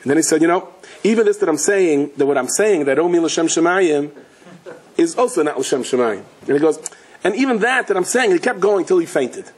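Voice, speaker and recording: Animated storytelling rabbi, slightly husky. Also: male voice, brisk. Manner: animated storyteller, acts out quotes with big pitch jumps. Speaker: rabbi giving a Torah lecture. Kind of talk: storytelling Torah lecture.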